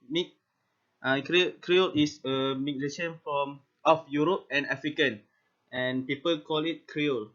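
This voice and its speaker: A man's voice: on the high side, fairly bright tone. Young man giving a muffled class talk. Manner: reads steadily with hesitant restarts. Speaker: student presenter. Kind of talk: class presentation over slides. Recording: muffled lo-fi recording.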